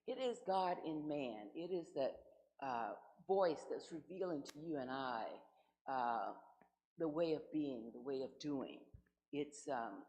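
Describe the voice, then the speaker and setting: A woman's voice: low-pitched, expressive, slow, a little mellow, low-quality recording. A woman guest minister giving a conversational sermon, posing rhetorical questions to her congregation.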